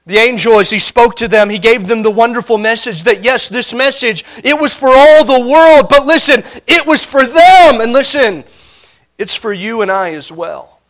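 A man preaching a sermon, animated and emphatic, stopping often to check in with listeners. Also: extremely high pitch, normal speed. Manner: animated, emphatic, frequent restarts and rhetorical "all right?". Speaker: pastor.

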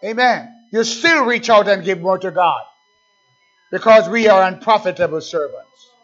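A man preaching a sermon, swinging between quiet asides and fervent rising calls. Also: high voice, lively intonation, normal speed, muffled recording.

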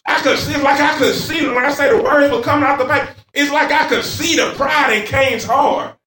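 A man preacher delivering a fervent sermon in a church, moving between shouts and hushed passages. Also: extremely high pitch, normal speed. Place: church sanctuary. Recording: echoey church from far off.

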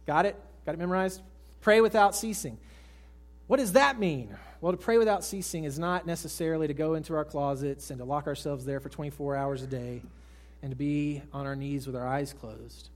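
Higher-voiced man preaching a sermon. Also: fairly even intonation, brisk. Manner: swings from raised emphatic lines to hushed soft ones; asks the congregation direct questions. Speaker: pastor. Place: church service with congregation.

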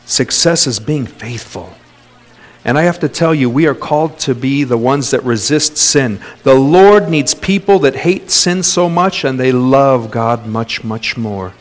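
A man preaching a sermon as pastor, lively, with call-outs and sudden jumps in pitch. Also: a little slow.

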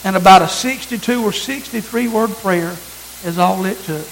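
High-voiced man preaching a sermon. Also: moderate pace, vocal fry, a little hiss or hum, rough recording. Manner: preaching with rising emphasis, repeating "listen". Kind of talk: sermon with scripture reading.

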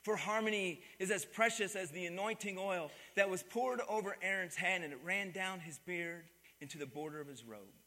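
Calling on his congregation to respond and repeat after him, a pastor delivers a call-and-response sermon in a church sanctuary. His voice is high-pitched, pushed, and bright, with a big-room sound.

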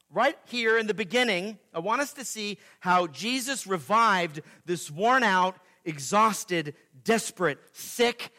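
A man preaching a sermon as pastor, swinging between loud emphatic peaks and quiet asides, repeating key phrases. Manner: dramatic swings in pitch and loudness, emphatic repetition.

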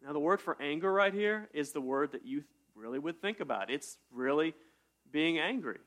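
A man's voice: a little high, lively intonation, moderate pace, a bit bright. A man preaching a sermon as pastor, in a conversational way with rhetorical questions.

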